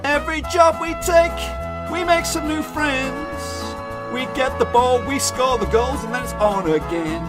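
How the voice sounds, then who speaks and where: A man singing a slow, drawn-out intro song in a high voice. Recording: loud music under the voice.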